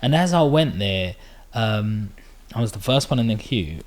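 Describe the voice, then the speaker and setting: A man's voice: on the low side, normal speed. A man hosting a podcast, telling a story in a casual way and acting out the quotes. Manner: animated storyteller, acts out quotes. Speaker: podcast host. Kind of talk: casual interview chat.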